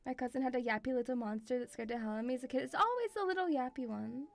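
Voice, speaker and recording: High-voiced doting woman streamer. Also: racing, creaky, dry recording. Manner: rambling, doting, calls viewers sweetie. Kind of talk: casual live-stream chat.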